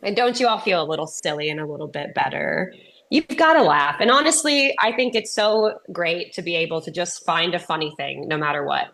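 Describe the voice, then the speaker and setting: A woman's voice: fairly low pitch, lively intonation, a little fast, creaky, fairly bright tone. Chatty comedian woman with a sinus cough. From Texas, USA. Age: 30s. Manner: chatty, self-deprecating storyteller. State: getting over a sinus infection, coughing. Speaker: keynote speaker, comedian. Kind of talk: comedic keynote talk. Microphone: remote presentation.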